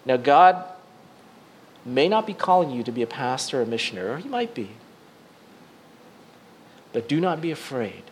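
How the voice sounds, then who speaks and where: A middle-aged male pastor delivers a sermon built around a personal story, full of restarts and filler words, swinging between excited bursts and hushed, quiet stretches. His mid-range voice moves at a normal speed with frequent pauses, and there is slight background noise.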